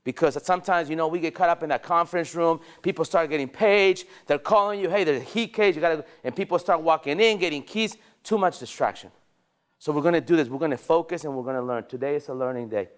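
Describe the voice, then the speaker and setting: A man leading a sales training session at a dealership, energetic and rallying, firing questions at the staff in the room. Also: a little high, quick pace, clear, resonant tone.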